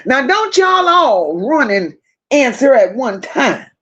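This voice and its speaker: Woman host, high voice, slow deliberate delivery, dramatic and slangy as she reads comments aloud. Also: highs cut off. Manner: animated, dramatic, slangy and emphatic. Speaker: livestream host. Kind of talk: casual live chat reading comments.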